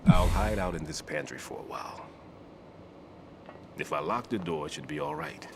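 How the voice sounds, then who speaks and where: An actor playing a veteran male soldier who advises a rookie in measured, low tones. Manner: low measured military advice. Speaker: game character on codec. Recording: game audio with background noise.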